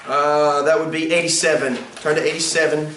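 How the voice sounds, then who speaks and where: A man's voice: fairly high pitch, flat delivery, normal speed, bright, forceful tone, far from the mic, a little hiss or hum. A man teaching song leading in a classroom, counting beats and singing hymn lines to demonstrate. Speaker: music instructor. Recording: echoey room, recorded from afar.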